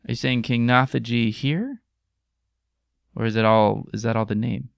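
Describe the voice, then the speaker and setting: A man's voice: mid-range voice, steady tone, moderate pace, gravelly, dry recording, clean studio sound. A man hosting a podcast in casual chat, rambling, jokey and crude. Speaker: podcast host.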